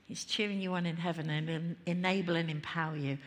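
A woman pastor preaching a lively, conversational sermon in a church, laughing and chatting between points. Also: on the low side, fast. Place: large church hall. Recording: reverberant church hall.

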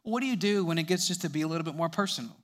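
A young male preacher with a voice a bit higher than most men's tells stories in his sermon at a very fast pace. He keeps slipping light chuckles in between sentences.

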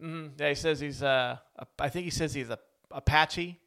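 A man's voice: fairly high pitch, moderate pace, creaky, a bit bright. A man co-hosting a podcast, chatting casually about a film, talkative and prone to going off on tangents. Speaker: podcast co-host. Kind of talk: casual movie-review chat.

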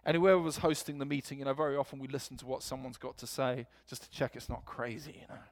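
A man's voice: medium pitch, fast talker. A man preaching a sermon in a church, telling stories and acting out quotes with energy. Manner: storytelling, animated quotes.

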